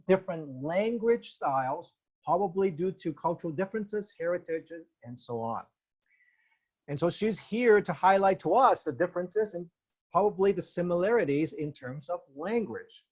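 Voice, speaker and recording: A man hosting an online club meeting, introducing the next speaker in a friendly, measured way. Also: sits high, highs cut off. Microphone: video call.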